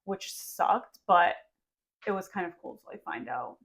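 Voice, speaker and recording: A woman's voice: on the low side, animated, measured pace. A woman co-hosting a podcast, talking in casual chat with plenty of fillers. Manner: chatty, full of fillers. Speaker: podcast co-host.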